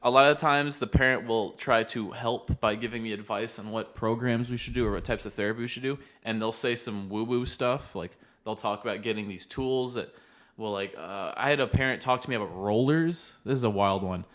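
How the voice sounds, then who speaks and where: A man's voice: medium pitch, fairly quick, a bit bright. A young man, a behavioral therapist co-hosting a podcast, explaining things earnestly in casual chat and laughing easily.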